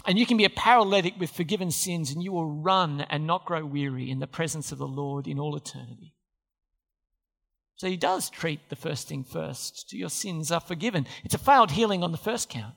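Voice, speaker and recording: Pastor preaching in a reverberant church. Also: male voice, fairly high pitch, fairly quick, vocal fry, fairly bright tone. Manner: conversational preaching with questions to the congregation. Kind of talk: sermon. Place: church hall. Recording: hall reverb.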